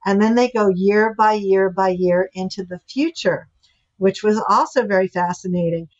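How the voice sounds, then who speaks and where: A woman's voice: medium pitch, moderate pace. An older woman, a guest author and relationship expert, telling anecdotes animatedly in a podcast interview. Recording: dull lo-fi audio.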